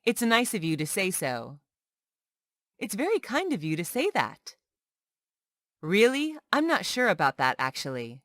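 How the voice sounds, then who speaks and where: A woman reading short everyday English phrases aloud one by one, clearly and carefully, as a language lesson. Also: mid-range voice, huge pitch swings, unhurried, pauses often, a bit bright, dry recording, clean studio sound. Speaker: English teacher.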